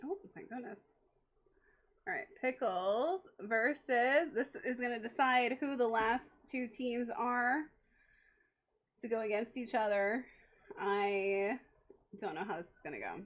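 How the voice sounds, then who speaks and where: A young adult woman streaming a game live, reacting excitably, laughing often and talking to her chat. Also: fairly high pitch, measured pace, pauses often.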